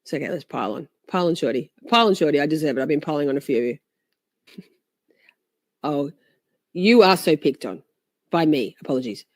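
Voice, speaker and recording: A woman's voice: deep voice, animated, a little fast, long pauses, dry recording, clean studio sound. A woman hosting a casual livestream, chatting with playful mock outrage and frequent laughter. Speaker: livestream host.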